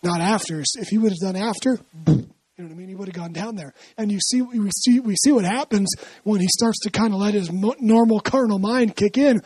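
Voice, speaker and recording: A preacher with a husky voice delivers a casual, storytelling sermon and keeps checking in with the listener through rhetorical questions. The sound is dry and close, with no room echo. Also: medium pitch, fairly quick, darkish tone. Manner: asks frequent rhetorical questions; explains scripture in a chatty, storytelling way. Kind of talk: conversational sermon.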